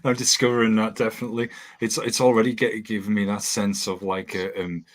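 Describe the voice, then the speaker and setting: A man's voice: fairly low pitch, level tone, a little fast, a little hiss or hum. A man hosting a podcast interview, rambling with lots of ums and restarts over a video call. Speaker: podcast host. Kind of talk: casual interview chat.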